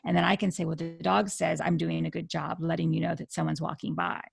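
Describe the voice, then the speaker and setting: A woman's voice: low-pitched, flat delivery, fast, gravelly. A woman being interviewed as a dog communicator, explaining earnestly and often restarting her sentences. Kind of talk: radio interview conversation.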